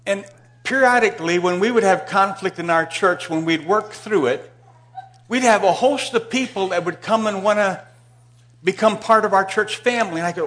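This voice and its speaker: A male pastor preaching a sermon in a church, telling a Bible story and swinging from loud emphasis to hushed asides. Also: high voice, lively intonation, moderate pace.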